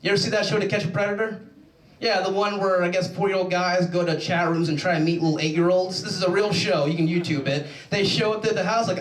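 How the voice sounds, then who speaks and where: A young adult man doing a rambling, animated stand-up comedy set on a stage. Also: high-pitched, fast. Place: show stage in a large room. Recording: echoey room, mic from far off.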